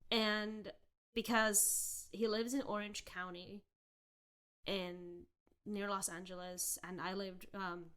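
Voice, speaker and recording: A young woman in her twenties, a podcast host, telling a personal story in a candid, animated way, with frequent laughter and fillers like "like" and "um". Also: mid-range voice, takes it slowly, smooth. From Southern California. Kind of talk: casual storytelling rant.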